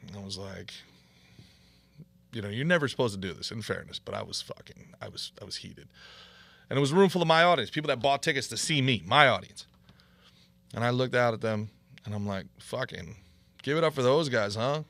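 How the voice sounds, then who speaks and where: Gravelly man ranting profanely. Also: lowish voice, expressive, a little fast, pauses often, a bit bright, dry recording. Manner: profane, heated, mocking impressions. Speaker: podcast host. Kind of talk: comedic rant.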